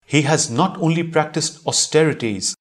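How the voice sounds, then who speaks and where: A man reading a spiritual story aloud in a calm, measured scripted narration, telling it in the first person. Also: on the high side.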